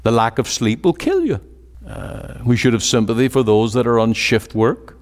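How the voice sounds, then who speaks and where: Preacher, male, forceful sermon delivery with lively rises and falls, long hall reverb. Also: medium pitch, moderate pace. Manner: emphatic, stretches key words, repeats phrases.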